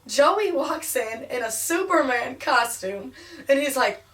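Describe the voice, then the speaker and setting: A young woman vlogging, retelling a sitcom episode in a bubbly, animated way, her voice sounding sick. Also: fairly high pitch, measured pace, recorded from a distance. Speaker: vlogger and singer. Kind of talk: casual vlog storytelling.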